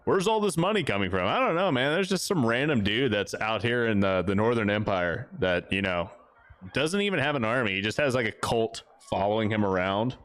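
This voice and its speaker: A man's voice: on the low side, expressive, brisk, fairly bright tone, no echo. A man hosting a livestream, rambling and joking crudely while he plays. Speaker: livestream host. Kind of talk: casual gaming commentary.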